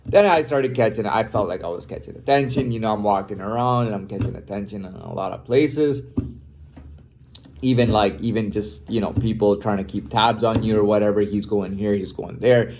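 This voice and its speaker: A man's voice: on the low side, moderate pace, background noise. A man talking in a rambling, boastful casual monologue, profane and repetitive, full of fillers and restarts.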